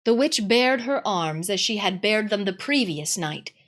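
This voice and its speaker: A woman narrating a storybook read-aloud in an expressive, dramatic way. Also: mid-range voice, unhurried.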